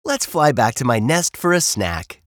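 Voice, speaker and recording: Grumpy, snappish cartoon bird, voiced by a man, storybook reading, wide swings in pitch, dry close sound. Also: big pitch swings, normal speed, fairly bright tone, no room sound. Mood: cheerful. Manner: short-tempered, sarcastic retorts. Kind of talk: storybook read-aloud.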